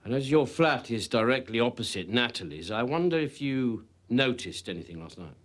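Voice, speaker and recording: A man playing a hesitant, soft-spoken detective. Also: mid-range voice, animated, normal speed, close to an everyday voice. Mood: cautious. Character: patient male detective probing a witness. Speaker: police detective. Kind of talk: TV police drama acting.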